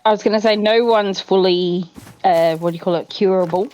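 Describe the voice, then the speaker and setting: A woman chatting casually on a call, calm and matter-of-fact with short replies. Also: medium pitch, brisk, muffled recording. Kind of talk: casual chat.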